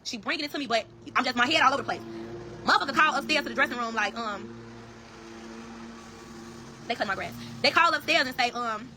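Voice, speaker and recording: A woman's voice: high-pitched, fast, pauses often, noisy background. A woman telling her own story on a phone livestream, profane and emphatic, constantly calling out to her viewers. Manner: profane, emphatic, keeps addressing viewers as y'all. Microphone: phone camera on a livestream.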